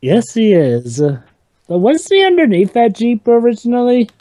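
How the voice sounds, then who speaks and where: A man's voice: very high-pitched, huge pitch swings, moderate pace, warm tone, no echo. A man chatting jokily in a casual group movie commentary, often repeating himself. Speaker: commentary co-host.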